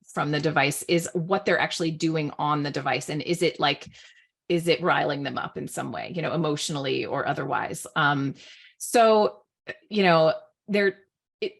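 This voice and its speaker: A middle-aged woman, a parenting author, talking casually with lots of "like" and "you know" fillers. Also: deep voice. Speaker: author and guest expert on parenting. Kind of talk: casual online panel talk.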